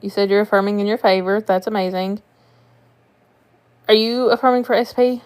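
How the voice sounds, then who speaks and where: A woman's voice: mid-range voice, steady tone, moderate pace, darkish tone, clear, resonant tone. A young woman coaching viewers through a live stream in a chatty, reassuring way, swearing now and then. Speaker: manifestation coach.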